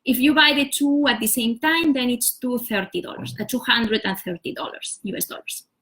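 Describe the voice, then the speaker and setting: A woman with a slightly high voice walks through a topic in a relaxed livestream lesson. She explains patiently, step by step. She often pauses on "uh" and "so" before going on. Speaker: language teacher. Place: home setup for a live stream.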